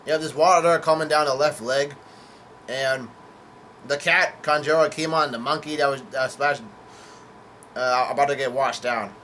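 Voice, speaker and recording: A man recapping a comic chapter in a loose, hesitant way, stopping on fillers and fixing his own words as he goes. His voice sits at a middling pitch, and he swears now and then. A faint hiss runs under the recording. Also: steady tone, normal speed, pauses often, pushed and bright. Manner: hesitant, full of fillers and self-corrections, casual swearing. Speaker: manga chapter reviewer. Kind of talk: casual chapter recap read-through.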